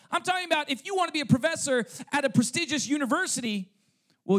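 A man's voice: very high-pitched, fairly bright tone. A male pastor preaching a sermon, checking in with "okay?" and "right?" and firing off rhetorical questions. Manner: punctuates points with "okay?" and "right?"; asks rhetorical questions to the congregation. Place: church service.

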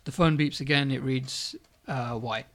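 Guy reading out his sketch script, quiet and halting, lots of uhs, bright clear tone. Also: steady tone. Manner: reads in a low, hesitant voice with many uhs. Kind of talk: reading a script aloud, then casual chat.

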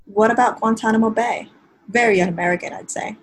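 Husky woman giving a dramatic reading. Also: fairly high pitch, steady tone, fairly quick, poor audio. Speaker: worship service reader.

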